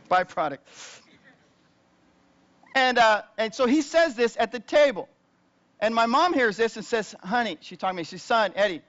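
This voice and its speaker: A man who is a pastor, preaching a sermon in a conversational, storytelling way, growing louder and higher as he relives tense moments. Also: lo-fi sound. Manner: conversational, rising loud and high when retelling tense moments.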